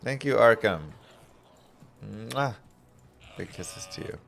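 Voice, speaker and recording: A man's voice: lowish voice, gravelly, fairly bright tone. A man streaming a game, chatting casually and dryly as he reads viewer messages and muses aloud. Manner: dry, unhurried, musing aloud.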